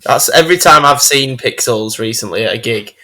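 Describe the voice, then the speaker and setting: A man's voice: medium pitch, brisk, noisy background. A man co-hosting a podcast, laid-back and wry in casual chat. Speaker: podcast co-host.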